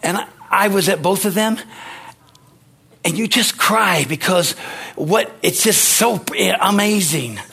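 An older man preaching a sermon, emotional and earnest, moving from soft reflection to loud, excited exhortation. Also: high voice, takes it slowly, gravelly, husky. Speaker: pastor.

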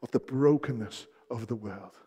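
A man preaching a sermon as pastor, shifting between soft, hushed passages and loud, emphatic peaks, repeating key phrases for weight. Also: medium pitch, moderate pace, husky. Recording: long hall reverb.

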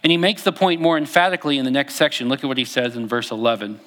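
A man's voice: medium pitch, quick pace, hardly any pauses, a bit bright. Man preaching a casual sermon. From Texas. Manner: conversational, with fillers and restarts. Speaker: pastor.

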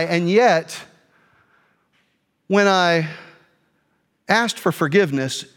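A middle-aged male pastor telling a personal story in a sermon, animated, jumping between quiet asides and loud outbursts. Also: sits high, unhurried, pauses often, clean tone. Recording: long hall reverb.

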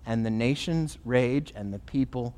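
A man, a pastor, preaching a sermon in an animated, emphatic way. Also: medium pitch, a little slow, in a large hall.

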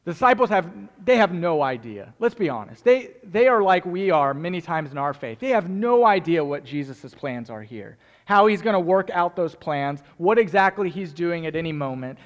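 A man preaching a sermon as pastor, animated and joking as he speaks straight to the congregation. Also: high-pitched, muffled recording. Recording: long hall reverb.

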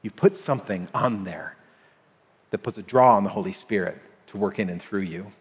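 A man preaching a sermon as pastor, animated and acting out little scenes for the congregation. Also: lowish voice, normal speed, slightly rough. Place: church sanctuary. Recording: long hall reverb with faint music.

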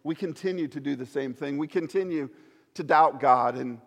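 High-voiced pastor preaching in a reverberant hall. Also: male voice, moderate pace. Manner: swings from loud pleading to hushed storytelling. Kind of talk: sermon.

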